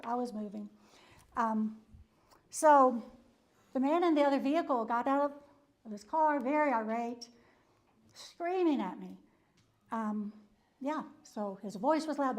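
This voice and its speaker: High-voiced woman telling a story. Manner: loose storytelling with frequent um and you know, chuckling often. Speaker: psychologist giving a church wellness talk. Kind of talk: conversational presentation with a personal anecdote.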